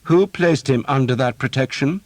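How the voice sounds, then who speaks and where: A man's voice: mid-range voice, moderate pace, no echo, voice pushed up, lightly acted. A man reading an audiobook, voicing a confident young prince who questions people sharply and speaks with courtly manners. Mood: demanding. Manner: demanding, then gallant.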